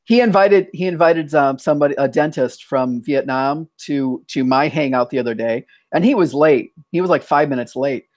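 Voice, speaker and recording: A man's voice: fairly high pitch, moderate pace, few pauses, no room sound. An American man hosting a casual online chat, thoughtful, often restarting his sentences. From United States. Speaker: host.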